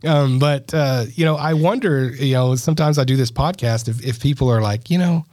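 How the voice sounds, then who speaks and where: A man co-hosting a podcast in a studio, chatty and loose, full of fillers and quick laughs. His voice sits at an ordinary pitch and is recorded close and dry, with no room sound. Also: a little mellow, no room sound. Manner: chatty, laughs often, many fillers and restarts. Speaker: podcast co-host. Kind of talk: casual chat.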